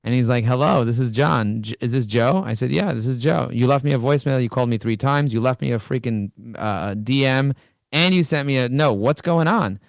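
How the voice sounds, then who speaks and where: A middle-aged man giving an energetic business talk, acting out both sides of sales conversations as he tells his stories. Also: mid-range voice, a little fast, creaky, dry recording, studio quality. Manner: animated storytelling, acts out both sides of dialogues. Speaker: business speaker.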